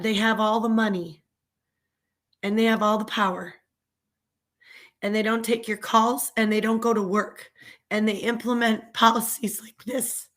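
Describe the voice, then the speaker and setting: A woman's voice: on the high side, a bit bright. A woman ranting angrily on a live stream, upset and indignant, repeating herself. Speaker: vlogger. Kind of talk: emotional live stream rant.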